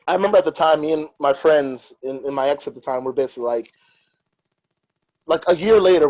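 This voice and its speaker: A man's voice: on the high side, sing-song, moderate pace, rough recording. A man hosting a podcast, in casual chat, telling stories with animation and strong opinions. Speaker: podcast host.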